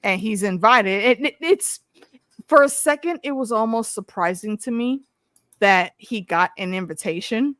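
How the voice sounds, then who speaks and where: A woman leads a casual TV recap with lively, profane energy. Her voice is mid-pitched and sounds dry, with no room around it, and she often slips into quick impressions of characters. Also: no room sound. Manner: animated, profane, acts out quotes. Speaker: podcast host. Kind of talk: casual show recap discussion.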